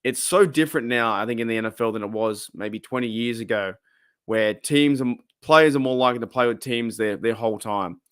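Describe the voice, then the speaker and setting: A man's voice: mid-range voice, fairly quick, smooth, no echo, studio quality. A man with an Australian accent hosting a casual live stream, rambling and chatty, reading out chat and laughing often.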